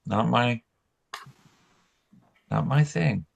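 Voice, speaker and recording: A man's voice: mid-range voice, extremely slow, vocal fry. A man co-hosting a casual comics chat, giving blunt, opinionated takes. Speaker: podcast co-host.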